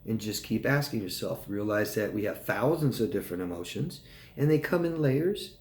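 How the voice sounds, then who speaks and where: A man working as a life coach, answering viewer questions live in a calm, conversational way. He keeps checking in with "right?" and "okay?". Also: on the low side, moderate pace, reverberant. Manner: calm and reassuring when advising.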